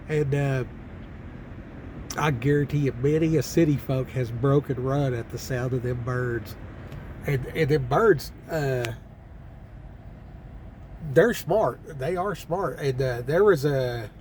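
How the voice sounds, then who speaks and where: A man with a slightly high voice tells loose, folksy stories in a country drawl, stopping and restarting as he goes. He talks from his truck cab on a mountain pass. A faint hum of vehicles and open air sits behind him. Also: a little mellow. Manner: rambling, folksy, with many fillers and restarts. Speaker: truck driver vlogger. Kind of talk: casual storytelling vlog.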